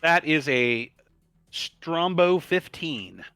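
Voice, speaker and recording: A man playing a tabletop game, speaking slowly and playfully in rhyme for his character. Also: fairly high pitch, lively intonation, pushed and bright, smooth. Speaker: player. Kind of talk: in-character play, rhyming.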